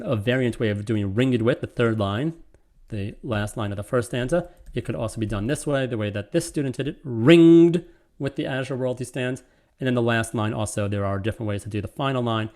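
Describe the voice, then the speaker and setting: A man teaches poetry over a video call, his pitch sitting in an ordinary middle range. He explains step by step, thinking aloud as he works through each point. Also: darkish tone. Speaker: lecturer. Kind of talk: online literature lecture.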